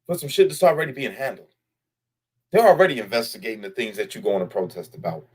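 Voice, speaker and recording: This man talks fast in a medium-pitched, slightly rough voice. A vlogger, he looks into the camera and bluntly, profanely criticizes someone to their face, repeating lines to drive the point home.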